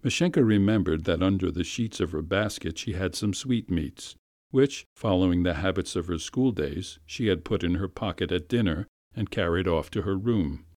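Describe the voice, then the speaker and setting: Man narrating, classic story, low voice, dry close recording. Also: no echo. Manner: measured, expressive reading.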